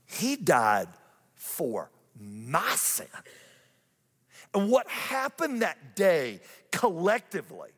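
A male pastor preaching a lively sermon, repeating phrases and climbing higher in pitch for emphasis. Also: long reverb tail. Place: church auditorium.

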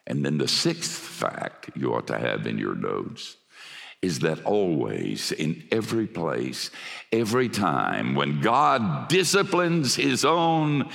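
An older male preacher delivers a sermon in a low, gravelly voice, moving slowly and deliberately. His pitch rises and falls with lively animation, from hushed asides to near shouts. The sound carries a long, lingering reverb, as in a large hall. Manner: emphatic, swings from hushed to shouting. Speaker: pastor.

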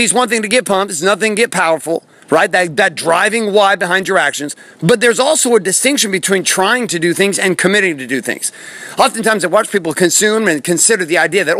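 Male motivational host, high and quick, punchy and preachy, swears to make a point. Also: sharp tone, no echo. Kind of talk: motivational monologue. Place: outdoors in a forest. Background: birds and bees.

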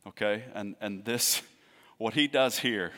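A man preaching a sermon in a conversational way, swinging between loud emphasis and hushed asides. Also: on the low side, unhurried, in a large hall. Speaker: pastor.

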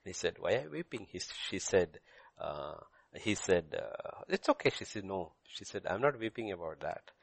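A man's voice: low-pitched, animated, normal speed, gravelly, breathy edge, no room sound. A man pastor preaching a sermon, telling a story and acting out its dialogue, repeating phrases for emphasis. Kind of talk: sermon with Bible teaching.

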